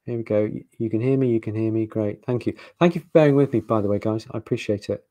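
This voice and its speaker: A man's voice: lowish voice, quick pace, dark tone, no echo. A man, a veterinarian giving a live online presentation with slides, chatty and enthusiastic with self-mocking humor.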